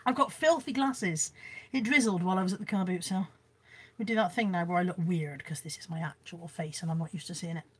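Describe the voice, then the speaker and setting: A hoarse, froggy-voiced woman hosting a casual live stream, chatty and self-mocking as she greets viewers by name. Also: fairly low pitch, fast talker. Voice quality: husky, slightly froggy voice. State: hoarse from a cold. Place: indoors at home.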